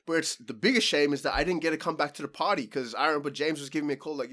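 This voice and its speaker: A man's voice: on the high side, racing, few pauses, a bit bright. Laid-back swearing male podcast co-host. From Australia. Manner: loose, laughing, swears a lot. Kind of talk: casual chat. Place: home.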